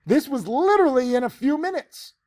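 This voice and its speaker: A man's voice: very high-pitched, expressive, brisk, darkish tone. A man teaching penny stock trading, giving a casual, rambling trade recap with many fillers.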